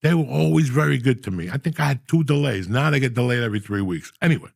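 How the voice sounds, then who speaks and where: A man in his sixties telling a story in casual, profane, animated style, with loud outbursts. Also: medium pitch, quick pace, gravelly, no echo, clean studio sound. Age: 60s. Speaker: podcast host.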